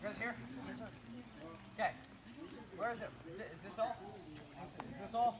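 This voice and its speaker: High-voiced man announcing campfire skits. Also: normal speed, pauses often. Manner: stumbling, bossy repetitions. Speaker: skit announcer and performer. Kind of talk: campfire skit. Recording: noisy outdoor recording.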